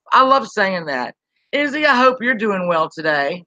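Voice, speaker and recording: A woman's voice: medium pitch, big pitch swings, moderate pace, pushed and bright, no room sound, highs cut off. A woman, ranting bluntly and profanely on a live-stream while reading chat aloud. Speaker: YouTube commentary host.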